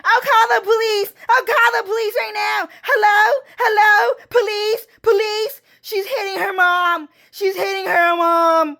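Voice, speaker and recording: A woman's voice: very high voice, fairly even intonation, measured pace, creaky, few pauses, sharp tone, voice pushed up, full character voice. A woman voicing a hysterical, furious adult woman who shrieks, sobs and curses at top volume. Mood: hysterical fury. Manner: shrieking, sobbing, cursing.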